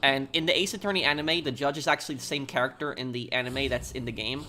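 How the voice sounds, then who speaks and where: Bright-voiced American streamer. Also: male voice, medium pitch, fairly even intonation, slight background noise. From United States. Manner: rambling, halting, reads chat aloud. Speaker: game streamer. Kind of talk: casual live-stream chat.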